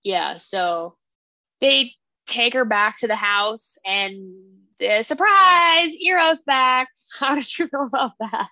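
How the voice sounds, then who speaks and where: A woman's voice: a little high, expressive, slow, sharp tone, no room sound, muffled recording. A woman co-hosting a casual book club podcast, animatedly recapping the plot and acting out the characters' lines. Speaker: podcast co-host.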